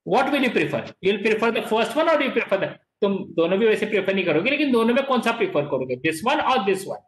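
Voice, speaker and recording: Lively Indian English teacher, high voice. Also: male voice, racing, reverberant, low-quality recording. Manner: repeats words, stresses key words, mixes in Hindi. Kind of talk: online class lecture.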